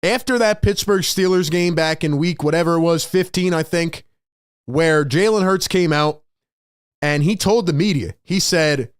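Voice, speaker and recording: A man hosting a postgame sports show, talking in an excited, emphatic way and repeating his key points, worked up with excitement. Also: a little high, normal speed, clean tone, dry recording, studio quality. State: overexcited.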